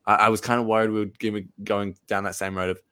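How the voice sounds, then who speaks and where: A man's voice: on the low side, flat delivery, fast talker, sharp tone, clean tone. A man co-hosting a podcast in casual chat, rambling and laughing easily. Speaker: podcast co-host.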